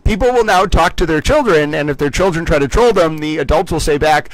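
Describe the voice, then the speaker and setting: A man's voice: a little high, a little fast, no echo, rough recording. Playful man hosting a livestream. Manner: playful, rambling, mock-grand asides. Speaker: livestream host. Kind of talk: casual commentary livestream.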